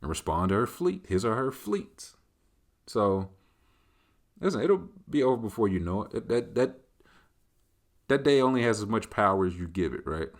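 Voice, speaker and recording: A man with a lowish voice hosts a laid-back solo show, rambling through listener questions. He drifts between thoughts and leans on conversational tags as he talks it out. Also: very animated, moderate pace, long pauses. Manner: loose, rambling, conversational, leaning on filler tags. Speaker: host. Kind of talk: casual solo Q&A chat.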